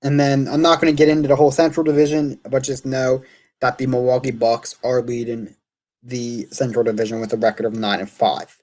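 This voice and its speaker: A man's voice: mid-range voice, level tone, a little fast, darkish tone. A man hosts a loose sports talk show in an ordinary, mid-range voice. He rambles through his predictions as an opinionated fan and stops often to correct himself. Now and then he reads standings and records aloud.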